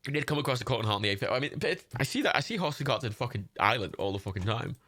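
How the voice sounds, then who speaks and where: A man's voice: medium pitch, expressive, rapid-fire, sharp tone. A man streaming a game, chatting casually in a self-mocking way and swearing freely. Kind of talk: casual livestream gaming commentary.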